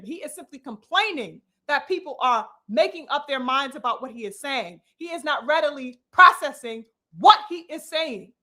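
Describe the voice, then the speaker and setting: A boxing commentator, this woman has a high, sharp voice. She gives a heated, profane monologue with emphatic delivery, often saying "you know."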